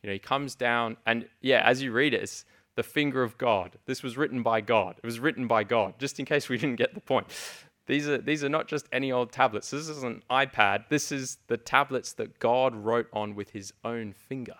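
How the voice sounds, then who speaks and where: A man's voice: mid-range voice, normal speed, few pauses, fairly bright tone. A man teaching through a Bible passage, reading verses aloud and explaining them in an earnest, conversational way with frequent restarts. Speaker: preacher.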